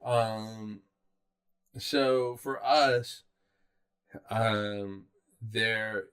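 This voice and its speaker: A man's voice: on the low side, fairly even intonation, very slow, a bit bright, smooth. A middle-aged man from South Carolina, co-hosting a podcast in casual, rambling chat full of fillers and restarts. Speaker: podcast co-host.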